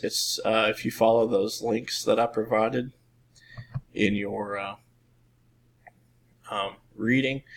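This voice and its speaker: A man in his thirties walks through a coding lesson in a low, gravelly voice. He talks loosely, with plenty of ums and restarts. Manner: relaxed, rambling, many fillers and restarts. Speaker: teacher. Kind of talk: screen-recorded coding lesson.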